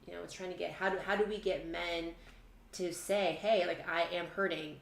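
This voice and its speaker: Chatty woman therapist, lowish voice, roomy room, faint noise. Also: steady tone, moderate pace, creaky. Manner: chatty, many fillers like "um" and "like". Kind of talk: casual panel chat.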